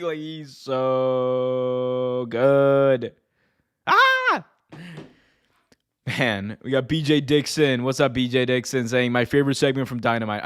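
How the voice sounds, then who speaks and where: Excitable man chatting about wrestling shows. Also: mid-range voice. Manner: excitable, heavy use of "like". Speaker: podcast host. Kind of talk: casual chat.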